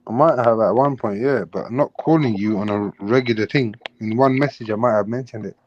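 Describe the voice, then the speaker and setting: A man's voice: on the low side, brisk, a little mellow, lo-fi sound, slight background noise. A man calling into an online panel, combative and full of slang. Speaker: caller. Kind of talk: heated online argument.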